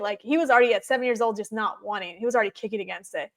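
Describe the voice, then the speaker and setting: A woman in her thirties, a podcast guest, telling her story in an animated way and acting out her children's words. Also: on the high side, rapid-fire. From United States. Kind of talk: personal testimony in a podcast interview.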